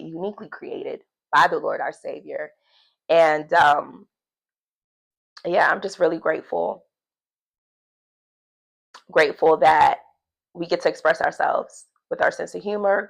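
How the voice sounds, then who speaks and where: Chatty woman with vocal fry. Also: low-pitched, poor audio. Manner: chatty and animated, often laughing and acting out quotes. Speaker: faith vlogger. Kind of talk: casual devotional video journal.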